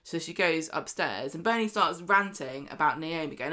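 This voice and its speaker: A woman's voice: low-pitched, animated, moderate pace, pushed and bright. A woman co-hosting a podcast, chatting casually about a soap opera and acting out characters' lines with bursts of emphasis. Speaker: podcast co-host. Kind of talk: casual chat reviewing a soap.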